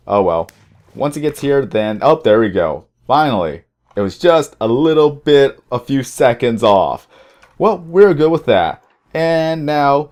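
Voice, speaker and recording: A man's voice: lowish voice, expressive, a little slow, darkish tone. A man hosting a casual let's-play, chatting to viewers as he explores, often stumbling over his words. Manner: chatty, addresses viewers directly. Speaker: gaming channel host.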